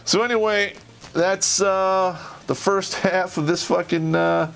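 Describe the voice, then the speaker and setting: A man's voice: sits high, steady tone, takes it slowly, gravelly, fairly bright tone. A man hosting his own show, telling a story from his days as an Army Ranger in a blunt, profane, rambling way with plenty of fillers. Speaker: host, former Army Ranger. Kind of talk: casual storytelling.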